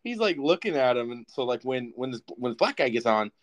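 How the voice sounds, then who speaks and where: A young man co-hosting a casual talk show, telling a rambling, profane story in an animated way. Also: medium pitch, a little fast. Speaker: podcast co-host.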